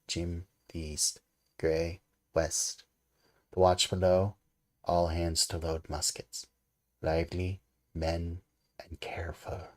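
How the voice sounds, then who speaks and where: A man reading as a stern sea captain, clipped and commanding, with a deep, low voice. He gives his orders slowly and curtly, with no warmth to them. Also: little pitch movement.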